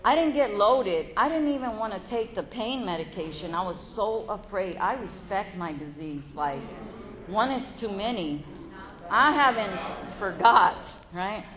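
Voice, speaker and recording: A woman's voice: mid-range voice, expressive, unhurried, fairly bright tone. A middle-aged woman giving a candid personal testimony to a meeting, frank and laughing often, swearing freely. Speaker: recovery meeting speaker. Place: meeting room with an audience. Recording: faint crowd and background noise.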